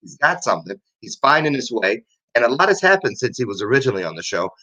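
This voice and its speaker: A man over fifty talks loosely as a show host, drifting through stories and chuckling at himself. His voice has a bright, forward edge at an ordinary pitch. The recording sounds dull and lo-fi. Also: very animated, fast. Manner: rambling, joking, laughs often. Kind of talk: casual chat show monologue.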